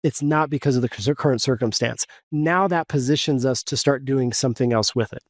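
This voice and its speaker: A man's voice: mid-range voice, brisk, dry recording, clean studio sound. A man coaching in a podcast interview, explaining step by step in an earnest tone and acting out his own inner dialogue. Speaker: guest coach.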